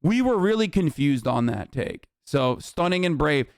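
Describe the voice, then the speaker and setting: A man in his thirties ranting on a livestream, his voice high and clean. He swears constantly and drips sarcasm while mocking chat and critics. The sound is close and dry, with no room around it. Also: sing-song, normal speed, smooth, dry recording. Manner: profane, sarcastic, exasperated. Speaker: streamer reacting to clips and chat. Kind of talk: heated livestream rant.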